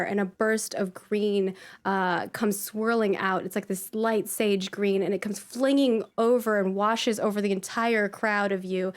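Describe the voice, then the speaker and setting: A woman running a tabletop game as game master, describing the scene in a rambling, cheerful way full of ums and likes. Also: mid-range voice.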